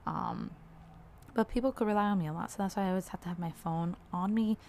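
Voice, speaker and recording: Talking quickly to camera for her personal vlog, a young woman with a fairly low voice rambles candidly, sprinkling in gentle laughter and frequent "like"s. There's a slight hiss or hum in the recording.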